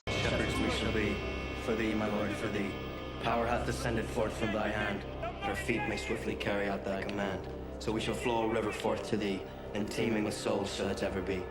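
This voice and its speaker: An actor playing a male vigilante solemnly reciting a prayer, in a roomy film clip with loud music. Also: lowish voice, level tone, moderate pace, close to an everyday voice. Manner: chanting, ritual recitation.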